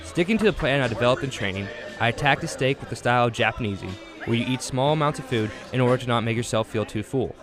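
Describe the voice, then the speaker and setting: A man's voice: mid-range voice, lively intonation, quick pace, few pauses, music in the background. A young man narrating his own food challenge in a dramatic, grandiose documentary style. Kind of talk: mock-epic documentary narration.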